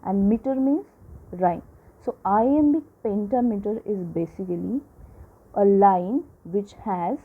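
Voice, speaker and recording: Slow-explaining woman teacher, tinny audio. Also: medium pitch, slightly rough. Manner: slow, repetitive explaining with frequent "okay" and "right". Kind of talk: classroom lecture.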